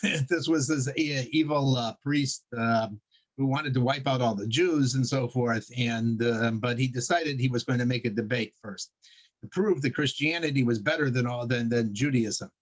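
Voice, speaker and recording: A man's voice: mid-range voice, normal speed, rough recording. Rambling chuckling man teaching a class. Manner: rambling, with many fillers and chuckles. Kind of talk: casual religious class on a video call.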